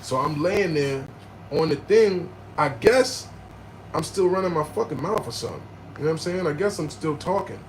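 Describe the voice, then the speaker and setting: A man telling a story in animated, slangy street talk, jumping into loud, high bursts when he acts out quotes. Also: moderate pace, a little hiss or hum, rough recording. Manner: profane, slangy.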